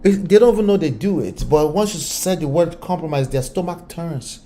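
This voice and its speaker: A man's voice: a little high, animated, normal speed, mellow. A man with a Nigerian accent giving casual relationship commentary, firing off rhetorical questions.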